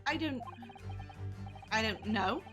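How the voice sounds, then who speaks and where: A woman's voice: on the high side, expressive, slow pace, music in the background. A woman reading aloud as a nervous young female suspect, stammering and hesitant.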